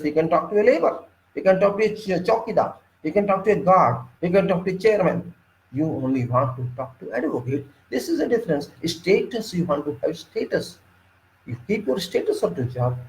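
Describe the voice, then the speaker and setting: A middle-aged man with an Indian English accent delivers an informal engineering lecture in a fairly high voice. He talks emphatically and indignantly, with his pitch leaping up on key points. The room around him sounds echoey.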